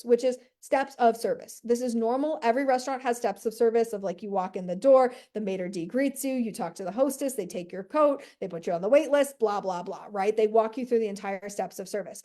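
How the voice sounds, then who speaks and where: A woman business coach in a brash, profane, high-energy motivational monologue, full of "like" and "right?". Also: dark tone.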